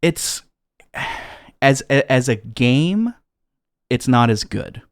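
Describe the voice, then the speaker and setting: A man's voice: medium pitch, lively intonation, very slow, dry recording, clean studio sound. A man co-hosting a casual podcast, recapping a game's story with plenty of fillers and restarts. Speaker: podcast co-host.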